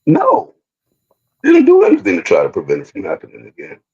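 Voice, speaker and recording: A man's voice: extremely high pitch, wildly swooping pitch, brisk, darkish tone, breathy edge, muffled recording. A man speaking bluntly and emphatically in casual slangy chat.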